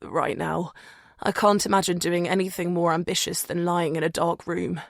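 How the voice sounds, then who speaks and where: A woman's voice: mid-range voice, big pitch swings, moderate pace, no echo, clean studio sound. A woman voicing a carsick man who moans and mutters through his nausea. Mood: queasy. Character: carsick, queasy man, a forensic pathologist.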